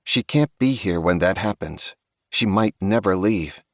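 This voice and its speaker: A man's voice: sits low, expressive, measured pace, dry recording, clean studio sound. A man reading a first-person horror audiobook with a grave, tense storytelling manner. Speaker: audiobook narrator.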